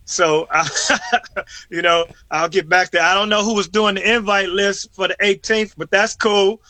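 A male comedian with a high, bright voice joins a radio show over a remote video call. He jokes in a conversational way and now and then stumbles into restarts. The sound is dry and close. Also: fairly even intonation, moderate pace, no room sound. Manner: joking, conversational, some stammering restarts. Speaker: comedian guest. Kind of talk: casual radio interview.

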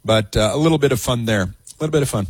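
Sarcastic talk radio host, husky man. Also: medium pitch, quick pace, dry recording. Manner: sarcastic, mocking, rambling with many fillers. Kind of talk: opinionated talk radio monologue.

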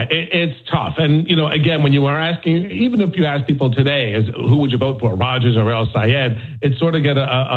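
A man's voice: mid-range voice, husky. Man analyzing politics over a tinny phone line. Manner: conversational, frequent fillers and restarts. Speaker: national correspondent.

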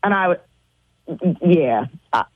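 A woman's voice: on the low side, animated, slow pace, no room sound, phone-quality sound. A woman on a radio show telling an embarrassing date story, hesitant and restarting often. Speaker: caller.

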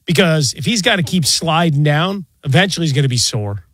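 A man co-hosting sports talk radio in a bright, high voice. He ribs his partner with wry humor. The sound is dry and close. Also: lively intonation, brisk, breathy edge, no room sound. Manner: teasing, wry. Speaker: radio co-host. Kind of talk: casual sports radio banter.

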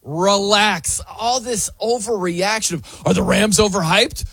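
A man's voice: high-pitched, normal speed, gravelly, a bit bright, slightly rough, dry recording. An American man hosting a sports talk show, emphatic and full of rhetorical questions.

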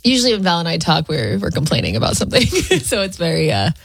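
A woman's voice: deep voice, sing-song, fast, vocal fry, breathy edge, no room sound, faint music behind. A woman co-hosting a radio show, wry in casual banter. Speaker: radio co-host.

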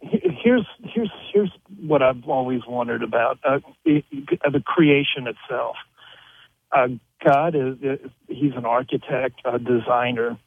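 A man calling in to a radio show, rambling and halting as he searches for words. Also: medium pitch, expressive, creaky, slightly rough, no echo. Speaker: caller. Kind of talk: call-in radio question. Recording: tinny phone line.

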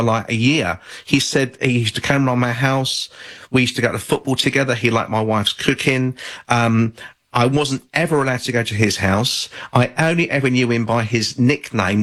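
A man, a guest author on a radio talk show, telling a story in a measured, thoughtful way with some fillers. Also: mid-range voice, fairly bright tone, rough recording.

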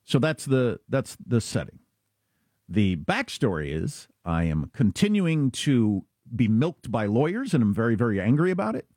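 A middle-aged man from Kansas, chatting casually as an animated storyteller with quick asides. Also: mid-range voice, dry recording, studio quality. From Kansas, USA. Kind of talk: casual chat.

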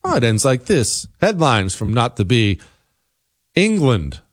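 A man's voice: mid-range voice, sing-song, normal speed, no room sound, clean studio sound. A man hosting a talk radio show, reading headlines and ads in a sarcastic, emphatic way. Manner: sarcastic, emphatic, jumps between loud and hushed. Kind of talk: talk radio monologue with ad reads. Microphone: studio microphone.

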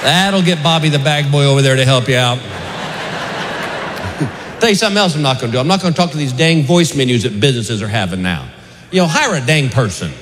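Exasperated comic, lively crowd. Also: male voice, mid-range voice, fairly quick, in a large hall. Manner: exasperated, folksy storytelling. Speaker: stand-up comedian. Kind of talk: stand-up comedy set. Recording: live club set with loud crowd and noise. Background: audience laughter.

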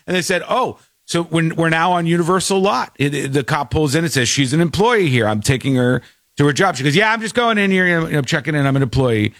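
A man's voice: on the high side, animated, a little fast, a bit bright, no room sound, clean studio sound. A man telling a story in casual chat, acting out the people in it with shifting voices. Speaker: podcast host.

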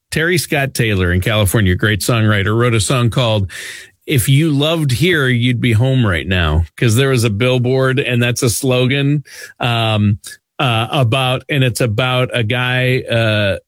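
A man's voice: medium pitch, no echo, studio quality. A man co-hosting a radio talk show, upbeat and friendly as he asks questions. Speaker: radio co-host. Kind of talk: casual radio chat.

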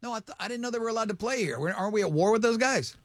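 A man hosting a radio show, bantering casually with quick, skeptical questions. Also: sits high, animated. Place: radio studio.

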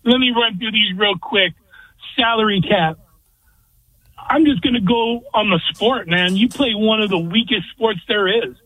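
A man's voice: high-pitched, measured pace, bright, forceful tone, no room sound. A man calling in to a sports radio show, blunt and opinionated. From California. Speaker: caller. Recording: tinny phone line.

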